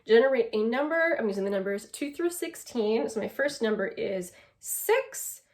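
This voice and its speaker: A woman's voice: fairly high pitch, animated, moderate pace. Chatty, upbeat woman beauty vlogger. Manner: chatty and enthusiastic, laughs often. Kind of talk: casual makeup chat to camera.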